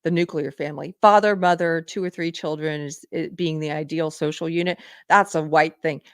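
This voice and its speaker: Female commentary host, emphatic and indignant, lower voice, dry close sound. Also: steady tone, moderate pace, smooth, dry recording. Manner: indignant, emphatic, reads items from a list. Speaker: livestream show host. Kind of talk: live political commentary.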